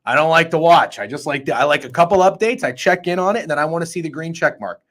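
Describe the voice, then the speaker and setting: A man hosting a sports betting show, talking in an excitable, profane, rambling way. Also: fairly high pitch, fast talker. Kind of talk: casual sports betting chat.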